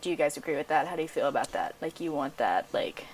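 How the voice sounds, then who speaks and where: A woman's voice: deep voice, quick pace, slight background noise. A young American woman hosting a podcast, chatting frankly and laughing easily. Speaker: podcast host. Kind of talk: casual chat.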